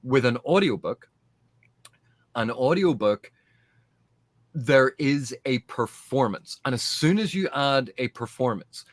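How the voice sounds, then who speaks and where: A man's voice: medium pitch, expressive, takes it slowly, pauses often, dry recording. A man in a casual podcast panel discussion, making his points earnestly and emphatically, often restarting mid-phrase. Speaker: podcast guest.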